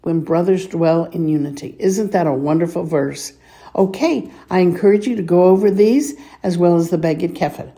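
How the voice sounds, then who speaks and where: A warm-toned woman on the lower end of the range gives an unhurried reading lesson built on repeat-after-me drills. Patiently and slowly, she breaks words into sounds, pausing often to clear her throat.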